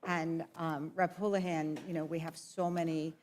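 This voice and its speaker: A woman's voice: sits low, little pitch movement, normal speed, a little mellow, a little hiss or hum. A woman on a congressional committee, speaking earnestly with fillers while losing her voice. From southeastern Pennsylvania. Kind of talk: committee hearing remarks. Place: hearing room.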